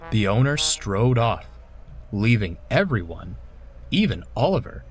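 Male narrator, storybook read-aloud, lively and slow. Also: on the low side, soft background music. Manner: expressive storytelling.

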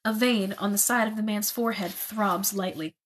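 A woman reading a novel aloud in a measured, expressive narrating voice. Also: medium pitch, breathy edge. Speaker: reader.

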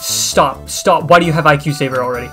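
A man giving casual, crude gameplay commentary, joking and swearing and breaking into excited outbursts. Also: fairly high pitch, fairly quick. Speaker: let's play gamer. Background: faint game soundtrack music.

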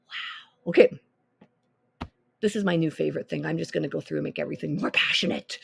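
A woman's voice: low voice, fairly quick, vocal fry, long pauses, husky, no echo. A woman music teacher talking casually through teaching tools on a podcast, thinking aloud with plenty of ums and easily amused.

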